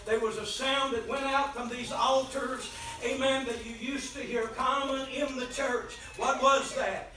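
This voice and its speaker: Man preaching hard, voice way up high, soft then yelling, super echoey church, mic far off. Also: steady tone, unhurried, few pauses, a little hiss or hum. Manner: swings between soft pleading and loud shouting. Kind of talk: impassioned revival sermon. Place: church sanctuary.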